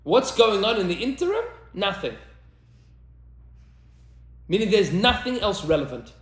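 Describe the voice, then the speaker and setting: A man's voice: high-pitched, big pitch swings, a little slow, roomy sound. A man, a rabbi, talking emphatically in a podcast discussion, repeating lines for effect and mixing in Hebrew terms. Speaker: rabbi and teacher.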